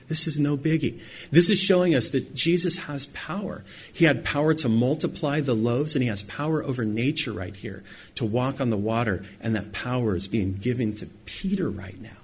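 Husky-voiced man preaching a sermon. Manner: acts out quoted lines with sudden high, loud bursts. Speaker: pastor.

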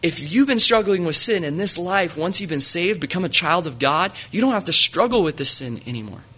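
A man's voice: high-pitched, animated, brisk, bright, forceful tone, husky. A man preaching a sermon in an earnest way, reading scripture aloud to his listeners.

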